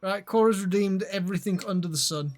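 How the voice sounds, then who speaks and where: A man's voice: high voice, brisk, soft background music. A man co-playing a game on stream, sarcastic and teasing, swearing freely. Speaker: streamer co-player. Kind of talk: casual game stream chat.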